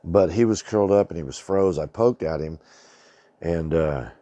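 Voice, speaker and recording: A man's voice: sits low, moderate pace, dark tone, dry recording, lo-fi sound. A middle-aged man telling a personal story in a rambling, colloquial way, swearing freely and often saying "man". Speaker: channel host. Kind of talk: casual storytelling monologue.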